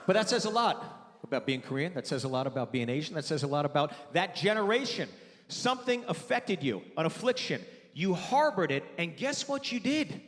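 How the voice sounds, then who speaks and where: A man doing stand-up in a big theater, his fairly high voice swinging widely as he rants with brash, mock-exasperated energy. The sound carries a long hall reverb, with a crowd murmuring faintly behind him. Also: lively intonation, fairly quick, noisy background. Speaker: stand-up comedian. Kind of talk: stand-up comedy set. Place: large theater with live audience.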